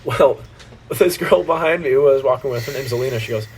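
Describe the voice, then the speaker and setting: A young American man telling a story in casual podcast chat, animated and swearing freely, jumping into voices of the people in it. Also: medium pitch, fast talker, slight background noise. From United States. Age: young adult. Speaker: guest.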